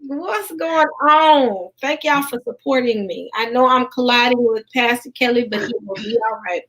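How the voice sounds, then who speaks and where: Southern US woman, stream host, chatty and folksy, slightly high voice. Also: rough recording. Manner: lively, folksy, quick to laugh. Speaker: livestream host. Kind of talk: casual late-night livestream chat.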